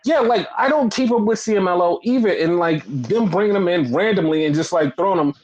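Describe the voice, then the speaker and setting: Young male podcast co-host, high-pitched, profane rant, filler-heavy. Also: expressive, a little fast, a little mellow, muffled recording. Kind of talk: casual critical rant.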